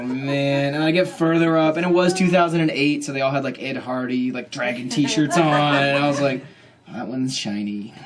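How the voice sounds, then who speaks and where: A man in his thirties telling a comic story to an audience at a book event, animated and self-mocking, acting out his own inner voice. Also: mid-range voice.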